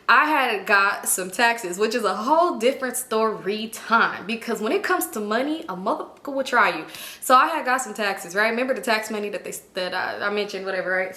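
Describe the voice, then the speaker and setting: A young woman tells a personal story straight to her viewers, chatty and full of slang. Her voice is bright and forward, and the room around her echoes. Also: mid-range voice. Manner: chatty, slangy, addresses the audience as "y'all". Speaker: storytime vlogger.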